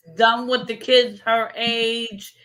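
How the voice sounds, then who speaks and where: Brief: woman on a live-stream chat, sharp bright voice, dry wry humor. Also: fairly high pitch, level tone, slow, rough recording. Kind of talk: casual chat. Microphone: live-stream call microphone.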